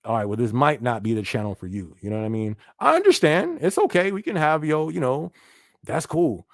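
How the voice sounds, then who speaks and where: A livestream podcast host, a man with a fairly high, sing-song, gravelly voice, talks fairly quickly in studio-quality audio with no room sound. He reads viewer comments and answers in a loose, chatty, laid-back way, laughing often and using frequent fillers like "you feel me".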